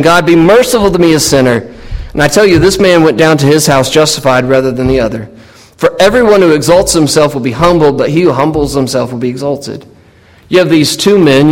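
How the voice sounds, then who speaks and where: A man preaching a sermon, reading scripture and acting out the people in it with raised, emphatic voices. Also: on the high side. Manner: reads scripture, then acts out the speakers in raised voices. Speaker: pastor. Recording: long hall reverb.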